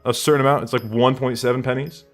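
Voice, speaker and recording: A man's voice: mid-range voice, steady tone, fast, soft background music. A man streaming a game live from his room at home, rambling casually and answering chat questions aloud.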